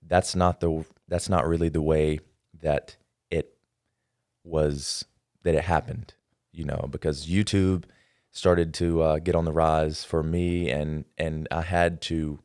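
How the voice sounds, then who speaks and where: A man hosting a podcast interview, talking in a relaxed, measured way. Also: rumbling low, no room sound, clean studio sound. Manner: relaxed, measured, many fillers. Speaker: podcast host. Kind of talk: casual interview chat.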